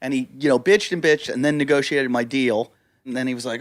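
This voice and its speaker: A man hosting a comedy podcast, telling animated stories with swearing and laughs in casual banter. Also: medium pitch, brisk, dry recording, clean studio sound.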